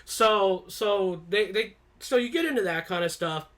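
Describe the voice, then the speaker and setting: Casual movie reviewer rambling along, lots of restarts, mid pitch voice. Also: animated, unhurried, fairly bright tone. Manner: rambling, with many restarts and repeated words; candid, offhand and chatty. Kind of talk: casual spoken film review.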